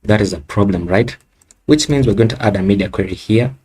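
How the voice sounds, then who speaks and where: Coding tutor, male, low voice, casual think-aloud delivery, faint typing behind. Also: brisk, darkish tone, a little hiss or hum. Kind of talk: screen-recorded coding walkthrough.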